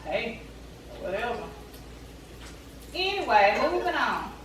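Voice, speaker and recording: A woman vlogger telling a story straight to her viewers in a chatty, animated way. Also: fairly high pitch, slow pace, far from the mic, a little hiss or hum. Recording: echoey room, away from the mic.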